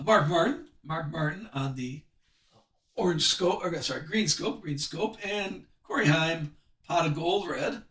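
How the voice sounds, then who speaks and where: Chatty guy running a card break stream, fairly high bright voice, echoey room, drifts off mic. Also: distant mic. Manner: chatty, reads card names off quickly. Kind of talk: live card break commentary.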